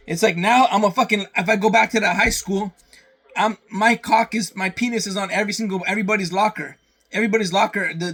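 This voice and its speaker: A man's voice: high voice, a bit bright. A man from Canada ranting casually to camera, rambling and profane, repeating his phrases over and over. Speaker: vlogger.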